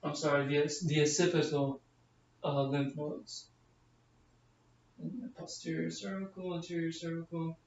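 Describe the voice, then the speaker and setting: A man, a nursing student, talking through a head-to-toe physical exam step by step, with frequent fillers. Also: sits high. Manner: explains each step aloud, with frequent fillers. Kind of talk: narrated physical exam demonstration. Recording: distant, echoey, dull camera audio.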